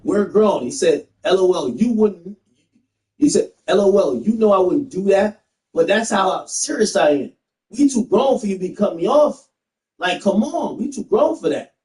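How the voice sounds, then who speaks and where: A man streamer chatting casually with his viewers while he plays, laughing and reading messages aloud to them in an animated way. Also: high-pitched, moderate pace, roomy sound, low-quality recording.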